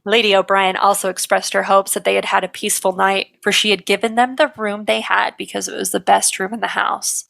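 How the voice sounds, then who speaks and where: A woman with a gravelly, creaky edge to her voice and a bright, forceful tone, telling a history story on a podcast. She reads steadily, in a storyteller's manner, at a middling pitch for a woman. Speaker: podcast co-host. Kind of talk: reading a history segment.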